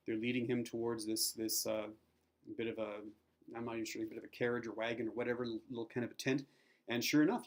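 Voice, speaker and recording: A man's voice: medium pitch, a little mellow. A middle-aged man giving casual spoken Bible teaching, chatty and rambling, acting out quotes as he retells a scene. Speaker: Christian video teacher.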